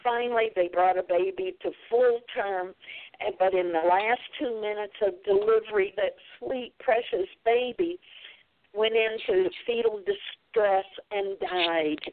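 Slow, earnest older woman on a tinny line. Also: mid-range voice, slight background noise. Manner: earnest storytelling, quoting scripture and her own words. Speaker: guest author. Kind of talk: faith-based talk show conversation. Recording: phone-like narrow sound.

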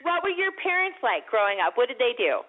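A woman's voice: on the high side, very animated, brisk. A woman from New Jersey hosting a talk show, asking questions with a bubbly, laughing manner. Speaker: radio talk show host. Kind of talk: casual phone interview. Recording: tinny phone line.

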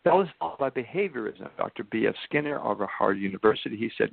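Older guy w/ a gravelly voice, dry sound, slows way down to hammer points. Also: lowish voice, animated, dry recording. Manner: emphatic, slows down for key points. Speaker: guest. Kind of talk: podcast interview storytelling. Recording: tinny phone-line sound.

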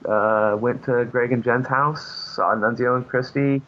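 A man's voice: medium pitch, fairly even intonation, unhurried. A man, a comic book artist, telling long anecdotes in a casual interview, with lots of fillers and restarts. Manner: rambling anecdotes with many fillers. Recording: muffled lo-fi audio.

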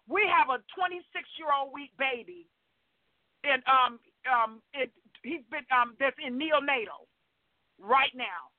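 A woman calling in to a faith talk show, telling her testimony in an animated, preacherly way and acting out the people in her stories. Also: high-pitched, unhurried, no room sound. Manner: animated storyteller, preacherly, acts out dialogue. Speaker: caller. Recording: dry tinny phone line.

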